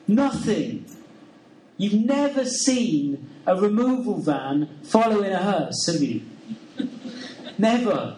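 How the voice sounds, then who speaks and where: Preacher in an echoey hall. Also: male voice, high voice, sing-song, slow pace, a little mellow. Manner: earnest, conversational, with rhetorical questions. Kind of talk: sermon. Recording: roomy sound from a distant mic.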